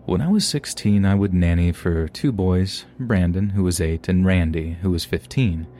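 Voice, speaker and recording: A man narrating submitted true scary stories in a calm, measured storytelling manner. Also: deep voice, a little hiss or hum. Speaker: podcast narrator.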